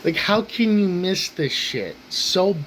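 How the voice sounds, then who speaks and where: A man's voice: sits high, expressive, takes it slowly, a bit bright, slight background noise, rough recording. A man hosting his own rant channel, talking bluntly and swearing constantly in an angry rant.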